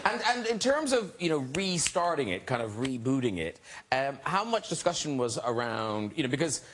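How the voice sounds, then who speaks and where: Lively Irish talk-show host. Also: male voice, medium pitch, moderate pace, a little hiss or hum. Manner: chatty, setting up questions. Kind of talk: hosting a chat show. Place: TV studio with audience.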